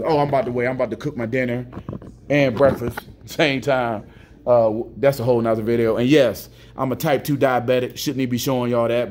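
A middle-aged American truck driver venting in an emotional, preachy vlog monologue indoors at a terminal, sliding between low mutters and high emphatic bursts. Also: male voice, a little mellow, slight background noise. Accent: American English.

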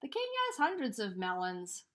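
A woman reading a storybook aloud, voicing a mocking, hot-tempered male warthog who sneers and turns shrill. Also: big pitch swings, moderate pace, a bit bright. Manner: sneering, shrill when angry.

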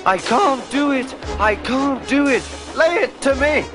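A man's voice: very high voice, a little slow, over music, voice pushed up. A man doing a teasing Scottish engine. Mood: straining. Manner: teasing, hearty. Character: cheeky Scottish male twin steam engine.

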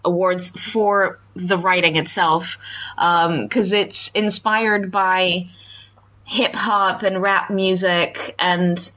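A woman's voice: lowish voice, steady tone, slow pace, a bit bright. Woman podcast co-host, chatty and opinionated, laughs easily, dull lo-fi sound. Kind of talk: casual chat.

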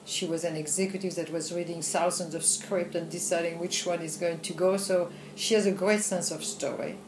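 An older woman with a French accent, a film editor telling lively anecdotes in a conversational interview, with frequent laughs. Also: on the low side, moderate pace, echoey room, noisy background. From France. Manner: animated anecdotes with frequent laughs and "you know". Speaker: film editor and director, guest.

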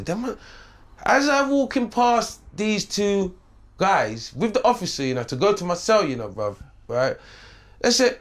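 A middle-aged man from St Vincent speaks in a slightly high voice, a lilt. He tells his story in an animated way, swears freely and acts out the people he quotes. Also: moderate pace. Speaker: interview guest. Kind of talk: casual storytelling interview.

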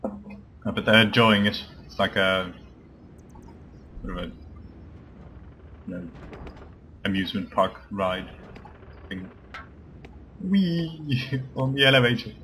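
A man's voice: sits low, little pitch movement, takes it slowly, pauses often, bright, forceful tone, slight background noise. A man giving casual, joking commentary while playing a video game, chatting to his party members and swearing now and then. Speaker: let's play commentator.

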